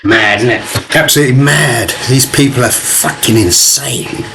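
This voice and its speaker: A man's voice: mid-range voice, normal speed, background noise. A man giving ranting, profane commentary as he reacts to video clips, with mocking laughs.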